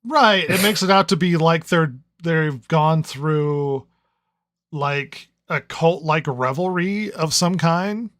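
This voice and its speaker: A man's voice: on the high side, slow, fairly bright tone. A man co-hosting a podcast, chiming in with wry comments in casual chat and mocking the characters. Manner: wry commentary that mocks characters in mini voices. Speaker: podcast co-host.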